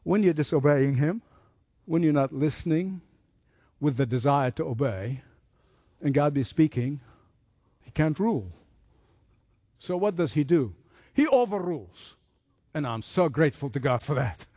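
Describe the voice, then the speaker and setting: A man preaching a sermon, telling stories with lively acted-out voices. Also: a little high, moderate pace, long pauses, no echo, clean studio sound. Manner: animated storytelling, acts out voices.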